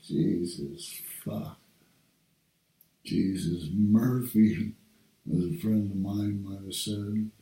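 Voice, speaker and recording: An older man from Canada drawls through a rambling, cursing monologue at a very slow pace. He sits well back from the mic, and the room around him rings. His talk drifts and wanders from thought to thought. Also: low-pitched, mellow. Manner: rambling, profane, drawn-out. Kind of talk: rambling personal video monologue. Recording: roomy sound, distant from the mic.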